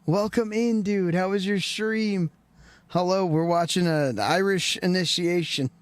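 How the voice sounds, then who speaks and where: A man's voice: sits high, measured pace, clean tone, no room sound. A man live streaming, chatting casually with viewers and laughing easily. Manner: laid-back, chatty, laughs often. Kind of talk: casual stream chat and reactions.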